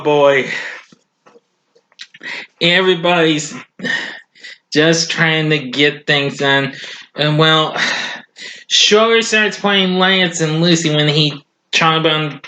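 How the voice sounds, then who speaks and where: A man casually recapping a cartoon as a reviewer, chuckling often and acting out lines in a high voice. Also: sharp tone.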